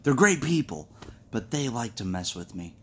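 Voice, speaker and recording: A man casually telling jokes to the camera, chatty and rambling, acting out his friends' lines in high voices. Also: very animated, moderate pace, slight background noise. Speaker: comedy vlogger. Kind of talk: casual stand-up joke telling.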